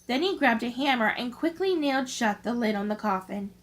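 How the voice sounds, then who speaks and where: A woman reading scary stories aloud from a book in a slow, careful storytelling way. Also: a little high, lively intonation, poor audio. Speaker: channel host, story reader.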